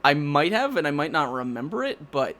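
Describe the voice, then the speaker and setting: A man's voice: fairly high pitch, sing-song, fairly quick, a bit bright. A man hosting a live tabletop talk show in casual chat, laughing often and restarting his sentences. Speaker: host.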